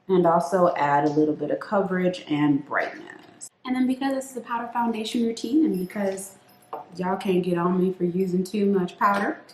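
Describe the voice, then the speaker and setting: A woman's voice: fairly low pitch, echoey room, slight background noise. A woman beauty vlogger chatting playfully through a makeup routine, calling her viewers sis. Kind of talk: casual makeup tutorial chat.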